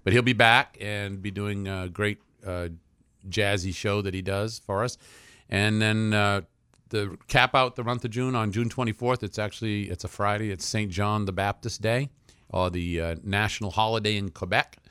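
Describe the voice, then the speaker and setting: Bright-voiced chatty man promoting events. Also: on the low side, steady tone, moderate pace, clear, resonant tone, no echo, clean studio sound. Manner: talkative, laughs easily, many fillers. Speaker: event promoter for a community center. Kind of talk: casual radio chat.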